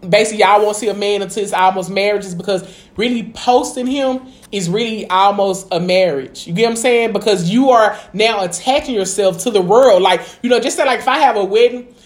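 A woman chatting casually as a podcast co-host, peppering everything with "you know what I'm saying" and swearing freely. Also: mid-range voice. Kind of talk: casual chat. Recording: echoey room.

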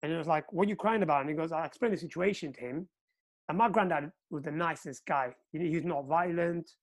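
Guy from portugal telling a story, acts out all the voices, lively. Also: fairly high pitch, fast talker. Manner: animated storyteller, acts out quotes. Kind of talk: casual chat, storytelling.

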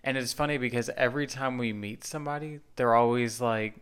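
A man's voice: mid-range voice, fairly bright tone, smooth. A man from Tennessee with a Southern accent, chatting and teasing as a podcast co-host. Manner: chatty, teasing, quick to laugh. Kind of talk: casual podcast chat.

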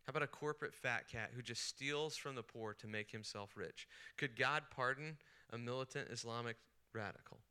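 A man, a pastor, preaching a sermon at a retreat, moving from quiet retelling to animated outbursts as he voices the angry prophet. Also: medium pitch, moderate pace, hardly any pauses, smooth. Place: retreat session hall.

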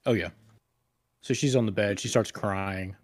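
A man with a fairly low voice co-hosts a casual podcast, rambling and cursing as he recounts a story. The sound is dry and close, with little room echo. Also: unhurried. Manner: crude, rambling retelling with profanity. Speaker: podcast co-host.

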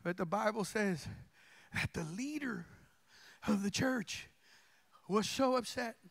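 Fervent high-voiced gravelly pastor. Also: male voice, takes it slowly, no room sound. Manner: fervent, swings from hushed talk to shouted declarations; casual colloquial preaching. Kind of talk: preaching a sermon.

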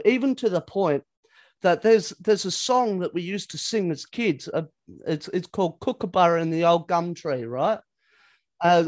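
A man with a somewhat high voice, recorded dry and close to the mic. He co-hosts a casual podcast and talks in a blunt, rambling way, swearing and filling gaps with "you know.". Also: no room sound. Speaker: podcast co-host. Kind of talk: casual chat.

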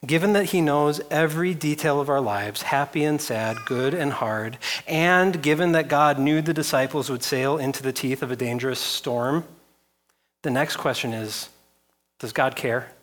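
A man's voice: on the high side, moderate pace. A man preaching a sermon as pastor, driving his points home through long rhetorical lists and repeated questions.

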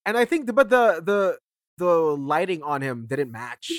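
A young man in casual chat, relaxed and agreeable, often saying yeah and dude. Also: a little high, a little slow, no room sound, clean studio sound.

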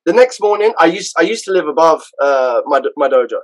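A man with a London accent, a podcast guest and karate instructor, telling stories casually in an animated way, with frequent restarts. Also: a little high, a little fast, rough recording. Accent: London English. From London, England. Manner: animated, acts out others' voices, frequent restarts. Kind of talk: casual storytelling.

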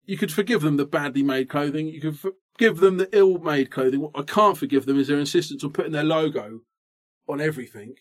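A man's voice: on the high side, a little fast. Ranting man in his thirties. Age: 30s. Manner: animated, self-mocking, ranting. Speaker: podcast co-host. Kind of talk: comic rant in casual chat.

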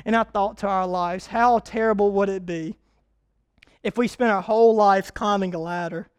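A man preaching a sermon to his church, swinging from loud shouted peaks to a soft, quiet prayer. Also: high voice, fairly even intonation, moderate pace, clear, resonant tone, no room sound. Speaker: pastor. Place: church sanctuary.

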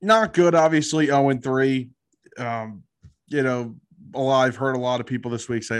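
A man's voice: mid-range voice, normal speed, clean tone. Tired, blunt podcast co-host, a man. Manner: blunt, laid-back, self-described as tired. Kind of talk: casual sports chat.

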